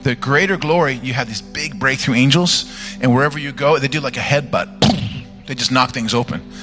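Bright, lively charismatic preacher man. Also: medium pitch, brisk, soft background music. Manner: animated, joking storyteller, loud fervent praying. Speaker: guest preacher. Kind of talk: charismatic sermon with prayer.

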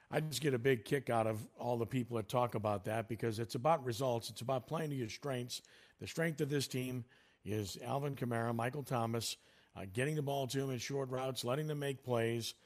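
A man hosting a sports radio interview, talking in a conversational way and steering the questions. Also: medium pitch.

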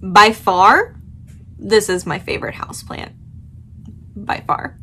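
A woman vlogger gushes dramatically over a new plant in an excited unboxing, swearing casually, yawning and still sleepy despite her coffee. Her medium-pitched voice is bright, forceful and husky, and she takes it slowly.

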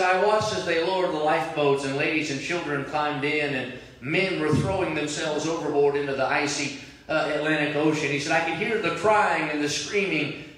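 A man preaching a sermon as pastor, moving between prayer and loud impassioned cries. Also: a little high. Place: large church sanctuary. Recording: very echoey church from a distant mic.

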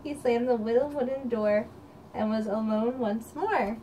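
A mother at home reading a bedtime story to her baby, with slow, sing-song, coaxing talk. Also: on the high side, dark tone. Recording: distant home video with faint background noise.

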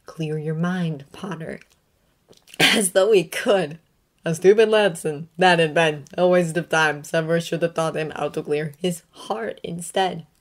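A woman with a fairly low voice reads a story aloud. Her narration is emotive, rising and falling in pitch as the feeling of the text shifts. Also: a little slow. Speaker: reader. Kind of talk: emotive reading of a fanfiction story.

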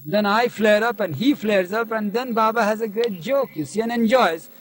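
A man with a high voice recalls old stories in an archival interview from 1971. He talks at a leisurely pace and keeps adding "you see" as he goes. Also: a little fast, hardly any pauses, faint music behind, low-quality recording. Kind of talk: anecdotal storytelling interview.

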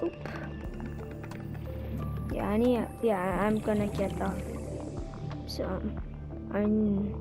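A young woman giving casual, chatty commentary as she plays a game, with quick excited exclamations. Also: medium pitch. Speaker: gamer. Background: game music.

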